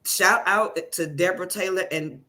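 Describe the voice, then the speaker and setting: Woman, bright voice, effusive testimonial guest, emotional. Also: lowish voice, normal speed. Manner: fervent, effusive, praising God. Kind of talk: emotional testimonial on a live call.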